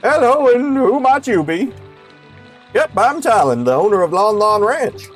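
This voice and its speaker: A man putting on a high-voiced sleepy Southern ranch owner. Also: sing-song, unhurried, soft background music. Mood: flustered.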